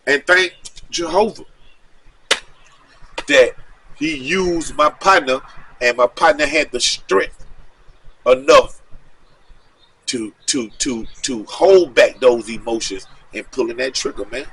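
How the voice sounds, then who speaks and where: A middle-aged man casually telling a story from the streets, animated and full of slang, tagging "man" onto his sentences. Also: medium pitch, slow, long pauses, far from the mic, a little hiss or hum. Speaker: storyteller recounting street life.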